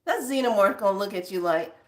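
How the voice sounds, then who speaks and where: A woman's voice: mid-range voice, animated, quick pace, very noisy. A woman vlogger chatting casually with her viewers, laughing often and swearing for emphasis. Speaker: spiritual vlogger.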